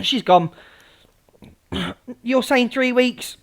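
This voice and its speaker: A woman's voice: on the high side, slow pace, long pauses. A woman hosting a live stream, chatting casually, swearing freely and calling out greetings to viewers. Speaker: livestream host.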